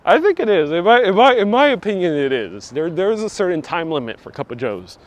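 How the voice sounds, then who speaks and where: A man with a high, sing-song voice and a slightly quick pace streams himself strolling city streets on a casual walking tour. Chatting nonstop, he reads viewers' comments out and laughs frequently, using a wireless clip-on mic with his phone on a gimbal.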